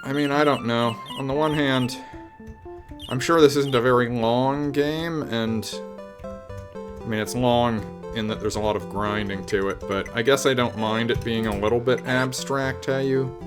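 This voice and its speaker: A man's voice: medium pitch, unhurried. A man streaming a retro game live, talking casually to his chat with wry, self-mocking jokes and free swearing. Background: game music.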